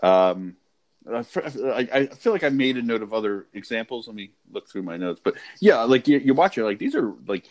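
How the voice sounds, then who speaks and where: A man's voice: mid-range voice, big pitch swings, moderate pace, darkish tone, low-quality recording. A man co-hosting a casual podcast, reflecting on a movie with frequent restarts and fillers. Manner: hesitant, many restarts and "like"s, thoughtful. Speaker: podcast co-host. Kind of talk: casual movie-discussion chat.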